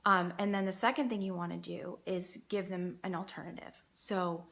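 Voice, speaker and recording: Lower-pitched woman parenting coach, earnest reassuring advice talk. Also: fairly even intonation, moderate pace, gravelly, fairly bright tone. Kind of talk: direct-to-camera advice talk.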